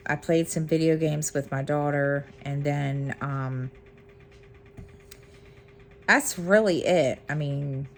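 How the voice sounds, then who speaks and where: A middle-aged woman talks casually to her viewers in a low voice and at an unhurried pace. She rambles and restarts often, filling gaps with ums. A faint hum sits behind her. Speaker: cross-stitch vlogger. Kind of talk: casual chat to camera.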